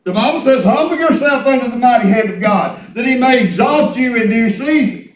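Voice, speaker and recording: A man's voice: very high-pitched, expressive, brisk. A middle-aged man preaching a folksy, emphatic sermon and repeating himself for effect. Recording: echoey room, from a distance.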